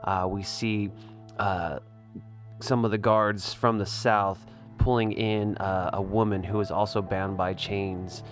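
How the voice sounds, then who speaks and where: A man's voice: fairly low pitch, little pitch movement, slow pace, soft background music. A man narrating a tabletop game as game master, with frequent ums and uhs. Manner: descriptive, many ums and uhs.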